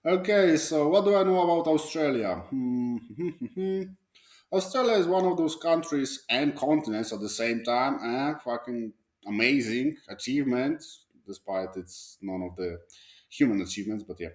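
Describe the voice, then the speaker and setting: A man's voice: medium pitch, animated, normal speed. Sarcastic, profane man in an echoey room. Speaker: podcast host. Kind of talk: casual comedic monologue.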